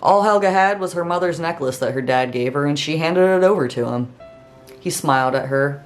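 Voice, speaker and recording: A woman's voice: low-pitched, lively intonation, brisk, faint music behind. A woman hosting a comedic fairy tale retelling, narrating casually with sarcastic asides. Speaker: storyteller host.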